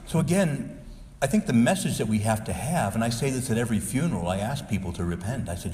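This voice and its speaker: A man's voice: medium pitch, animated, quick pace, a little mellow, long reverb tail. A male Catholic priest preaching a sermon, earnest and exhorting, sometimes pleading with his listeners.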